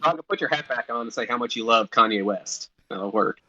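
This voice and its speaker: A man's voice: medium pitch, a little fast, pushed and bright, dry recording, highs cut off. A man co-hosting a podcast in casual chat, dropping dry wisecracks and swearing. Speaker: podcast co-host.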